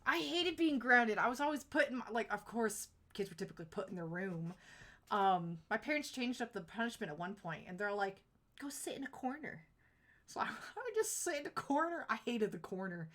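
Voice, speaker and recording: A young woman talks to her live-stream chat in a loose, rambling way, filling her sentences with "like" and breaking into quick laughs. Her voice is bright and forward, sitting at an ordinary middle pitch. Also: very animated.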